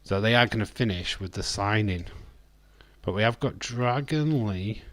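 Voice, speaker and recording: With a fairly low pitch but a fairly bright tone, a man with a Yorkshire accent talks at normal speed while hosting a live wrestling watch-along, with no echo. He's casual and sociable, laughing easily as he responds to viewers' messages.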